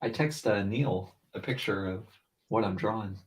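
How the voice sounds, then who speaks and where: A middle-aged man chatting casually as a co-host while drawing, telling animated stories and mimicking voices. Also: normal speed. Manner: animated storyteller, mimics voices with big pitch jumps. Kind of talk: casual chat.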